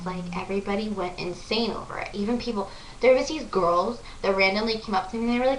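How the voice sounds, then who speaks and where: A woman's voice: medium pitch, fast talker, far from the mic. Young woman, vlogger, gushing storytelling, filler-heavy, echoey room, faint background hum. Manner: breathless, gushing, lots of "like" fillers. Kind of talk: excited storytelling to camera.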